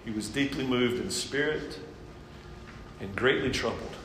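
A man preaching a sermon, reading scripture aloud and then explaining it with earnest emphasis that drops to quiet intensity. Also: medium pitch, unhurried. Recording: echoey hall, faint background noise.

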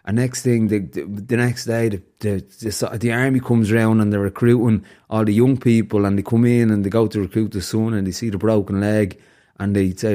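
A man's voice: on the low side, flat delivery, brisk, dark tone. A man hosting a casual podcast, reflective and fond of telling stories. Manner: storytelling, upbeat and reflective. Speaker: podcast host.

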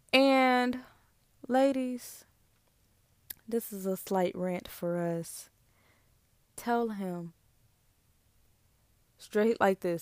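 A woman's voice: medium pitch, smooth, no room sound, studio quality. Sassy young woman ranting. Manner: sassy, animated, emphatic with laughs. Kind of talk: casual relationship rant to camera.

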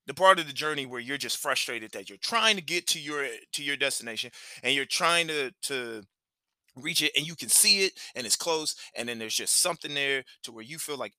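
A man's voice: mid-range voice, normal speed, bright, forceful tone, dry recording. A man hosting a podcast, telling a rambling, earnest personal story with frequent restarts and asides. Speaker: podcast host. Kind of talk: reflective storytelling monologue.

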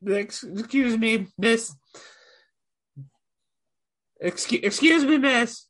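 A timid little goblin fellow stutters in a squeaky, strained voice and sounds a bit off-mic in a tabletop game, put on by a man. The tone is bright and thin, and his words trip over each other. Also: takes it slowly, full character voice. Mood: nervous. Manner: stammering, hesitant. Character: timid male goblin adventurer, stammering.

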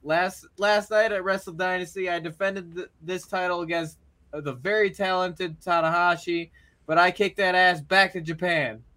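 Guy doing a cocky wrestling champ, loud bragging promo, high bright voice. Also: steady tone, moderate pace. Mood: boastful. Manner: loud boastful promo delivery.

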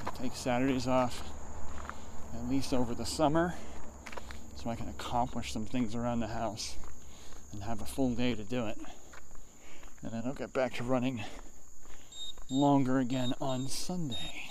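A man chatting casually outdoors in the countryside, joking in short, halting phrases as a runner talking to his viewers. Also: mid-range voice, fairly even intonation, slight background noise, low-quality recording. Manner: playful, jokey, talks in short halting phrases. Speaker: runner vlogger. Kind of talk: casual chat. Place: outdoors in rural South Central Pennsylvania. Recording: insects chirping loudly behind.

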